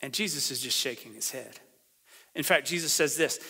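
A man preaching a sermon as a pastor, talking in a conversational, animated way and acting out the voices he quotes. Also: medium pitch, moderate pace, husky. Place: church sanctuary. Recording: long hall reverb.

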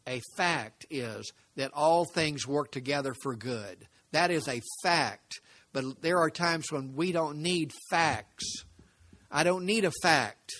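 An older man preaching a sermon, telling stories and asking rhetorical questions, swinging between emphatic and hushed. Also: a little high, slow. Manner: conversational storytelling with rhetorical questions.

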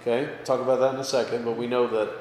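A man's voice: mid-range voice, very fast. A male pastor giving a casual, conversational Bible study, often checking in with his listeners and lifting his voice for emphasis. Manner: casual, checks in with listeners with frequent "okay?" and "right?"; lively, pushes his voice up for emphasis. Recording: echoey hall with faint background noise.

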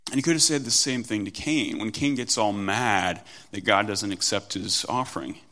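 A man's voice: lowish voice, normal speed. Conversational male pastor preaching. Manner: conversational, animated, swings between loud and quiet. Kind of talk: sermon.

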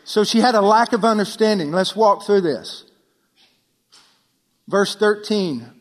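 A man preaching a sermon, talking casually with the congregation, asking them rhetorical questions and dropping to a hush on key points. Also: high-pitched, measured pace. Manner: preaching with sudden drops to near-whisper for emphasis; conversational, asks the listeners rhetorical questions. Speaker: pastor. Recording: long hall reverb.

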